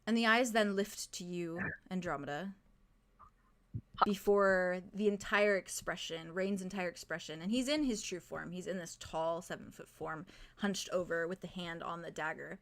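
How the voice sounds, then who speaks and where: A woman as game master narrating a tabletop game, halting and full of fillers. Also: lowish voice.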